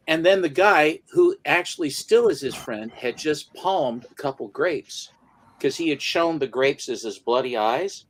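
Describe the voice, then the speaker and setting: A man in his seventies with a medium-pitched voice chats casually, telling a story vividly and acting out each scene he retells. The recording is rough.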